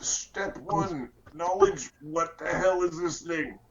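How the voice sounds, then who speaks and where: A man's voice: a little high, slow, creaky, lo-fi sound, a crowd in the background. A man playing in a tabletop game, blunt and joking, swearing casually. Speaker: player.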